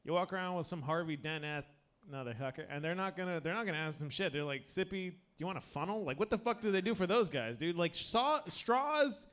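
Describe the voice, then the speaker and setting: A man's voice: on the high side, expressive, a little fast, fairly bright tone. A man doing a crude, rambling open-mic stand-up set on stage with a handheld mic, a little drunk, often cutting himself off mid-sentence. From United States. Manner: crude, rambling, self-interrupting. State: tipsy. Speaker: stand-up comedian.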